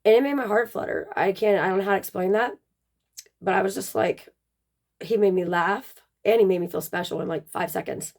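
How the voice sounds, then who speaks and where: A woman's voice: mid-range voice, fairly quick, a little mellow. A woman casually telling a personal story, rambling with plenty of "um" and "like" fillers.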